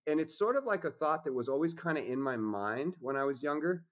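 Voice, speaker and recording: A man's voice: on the high side, animated, a little fast. A man talking as a podcast guest in casual conversation, intense and preachy, swearing freely.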